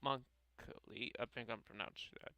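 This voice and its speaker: A man narrates a game playthrough slowly and haltingly, tripping over names and correcting himself. His voice is bright and smooth, recorded close and dry. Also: medium pitch, steady tone, no echo, low-quality recording. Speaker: gamer reading a visual novel aloud.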